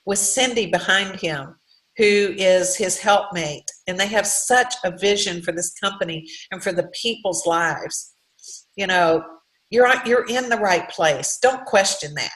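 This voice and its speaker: A woman speaking as a guest, giving an earnest, heartfelt, faith-based motivational talk with halting restarts. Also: mid-range voice, animated, fairly bright tone, reverberant, low-quality recording. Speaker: guest speaker, direct sales leader.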